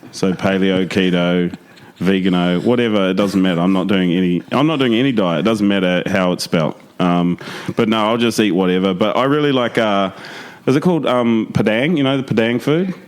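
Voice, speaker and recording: Deep-voiced laid-back man chatting. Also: normal speed, clear, resonant tone. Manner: laid-back, rambling with many fillers. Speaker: podcast guest. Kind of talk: casual chat. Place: home in Bali.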